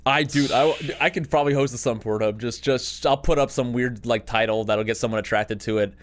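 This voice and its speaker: A man's voice: medium pitch, fairly quick, slight background noise. Rambling joking man on a podcast. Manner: rambling, joking, frequent restarts and laughs. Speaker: podcast co-host. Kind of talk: casual chat.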